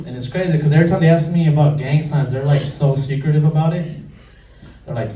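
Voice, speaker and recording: A man's voice: on the high side, fast, distant mic, background noise. A young man from Los Angeles doing a stand-up comedy set, telling stories and acting out the people in them. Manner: storytelling, acts out characters with voice shifts. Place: comedy club stage. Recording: roomy club sound, crowd laughing. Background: crowd laughter.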